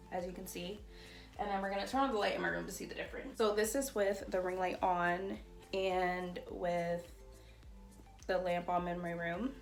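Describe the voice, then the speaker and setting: A woman vlogging from her bedroom, chatting casually and excitedly while she unboxes and sets up a ring light, with lots of "like" and "y'all". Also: lowish voice, vocal fry. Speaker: beauty vlogger. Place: bedroom at home. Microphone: phone or camera on a tripod.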